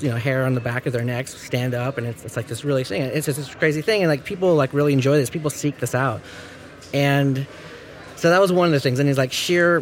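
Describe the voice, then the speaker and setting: A man's voice: mid-range voice, a little hiss or hum. A man who plays in a hardcore band, talking casually in an interview and acting out quotes with lots of filler words. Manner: animated storyteller, acts out quotes with many fillers. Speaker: touring musician in a hardcore band.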